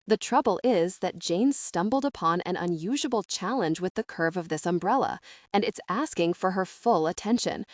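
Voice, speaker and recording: A woman narrating an audiobook in a steady, expressive storytelling manner into a close mic. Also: lowish voice, normal speed, no room sound. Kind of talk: scripted narration.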